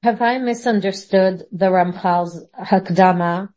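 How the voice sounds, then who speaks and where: A woman's voice: mid-range voice, unhurried, mellow, rough recording. Woman, student on a video call, asks questions, apologetic. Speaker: student in an online class.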